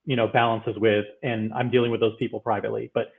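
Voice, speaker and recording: Fast, pressing man on a tinny line. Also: fairly low pitch, little pitch movement, creaky. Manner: pressing, lawyer-like questioning. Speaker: panelist questioning the guest.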